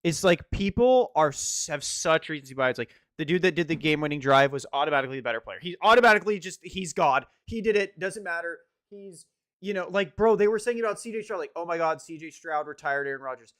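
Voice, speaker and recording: A young man in casual sports chat, animated and swearing as he rants about football. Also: high voice, fast, dry recording, clean studio sound. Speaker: podcast co-host.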